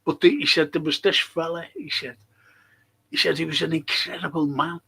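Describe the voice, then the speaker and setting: A man's voice: on the high side, fairly even intonation, normal speed, gravelly, sharp tone, breathy edge, rough recording. An older man, co-hosting a casual chat and telling long rambling anecdotes. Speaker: co-host.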